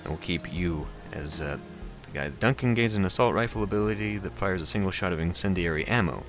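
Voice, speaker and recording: A man's voice: low-pitched, brisk, a bit bright, faint music behind. A man playing a video game, thinking aloud hesitantly and reading the game's text aloud. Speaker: let's play host.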